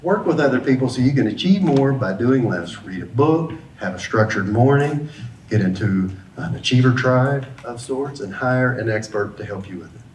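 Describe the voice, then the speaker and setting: Middle-aged guy giving a pep talk on stage, lively storyteller, room echo, faint hum behind. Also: medium pitch, normal speed. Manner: lively storyteller who acts out the dialogue. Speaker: business coach giving a talk. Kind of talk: motivational talk with a personal story. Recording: roomy sound, mic at a distance, faint background hum.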